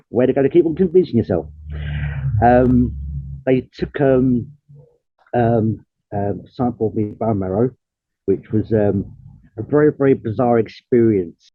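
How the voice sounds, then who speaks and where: A man's voice: mid-range voice, measured pace, pauses often, slightly rough, dry recording. A young man plainly retelling his own illness story, with many fillers, on tinny audio. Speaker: patient sharing his story. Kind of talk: personal testimony.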